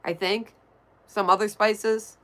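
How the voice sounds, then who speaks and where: A woman's voice: mid-range voice, flat delivery, slow pace, fairly bright tone. A woman with a nasal voice, chatting casually on a livestream and answering viewer messages as she reads them. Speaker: livestream host. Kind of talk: casual livestream chat, reading chat.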